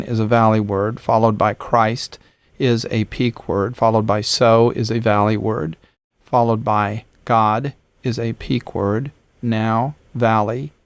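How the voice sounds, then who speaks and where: A man teaching a screen-recorded lesson, explaining step by step in a measured way with frequent ums and uhs. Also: medium pitch, clean tone. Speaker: instructor.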